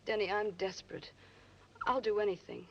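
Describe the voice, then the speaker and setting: A woman's voice: medium pitch, fairly even intonation, normal speed, lightly acted. An actress playing a desperate young mother in a 1930s film, speaking urgently and pleading. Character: desperate young mother hiding her baby. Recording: dull old film soundtrack with hiss.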